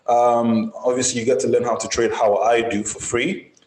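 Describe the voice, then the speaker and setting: A man's voice: mid-range voice, little pitch movement, normal speed. Upbeat man on a roomy call. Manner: upbeat, chatty shout-outs. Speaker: forex trading coach. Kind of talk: casual live group call. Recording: roomy echoey sound.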